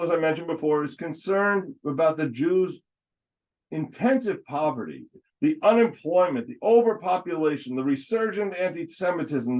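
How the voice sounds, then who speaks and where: A man with a fairly high voice lectures on history in a halting way, stopping mid-word and correcting himself. The sound is dull and lo-fi. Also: a little mellow. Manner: halting, frequent false starts and self-corrections. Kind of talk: adult education lecture. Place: congregation classroom. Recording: dull lo-fi recording.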